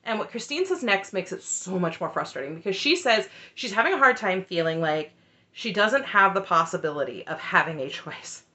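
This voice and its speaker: A woman's voice: on the low side, normal speed. A woman recapping a reality show in a casual, opinionated way, with candid commentary and frequent asides. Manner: candid and animated, talks through her frustration with frequent asides.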